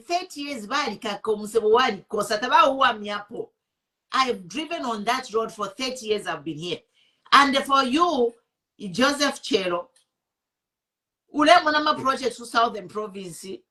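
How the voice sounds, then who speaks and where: A woman's voice: on the high side, bright, forceful tone. A woman with a Zambian accent, hosting an online show and giving impassioned political commentary, indignant and switching between English and Bemba.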